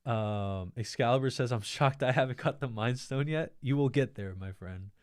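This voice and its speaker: A man's voice: mid-range voice, normal speed, clear, resonant tone, dry recording, clean studio sound. A man hosting a casual livestream, reading viewer comments aloud, laughing often and thanking his viewers effusively. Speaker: livestream host.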